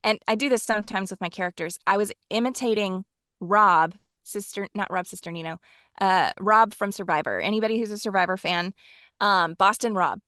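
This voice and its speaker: A woman's voice: medium pitch, brisk, bright, forceful tone, dry recording, studio quality. A woman from Texas with a Texan accent, an audiobook narrator chatting animatedly in an interview, with frequent ums. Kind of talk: casual interview chat.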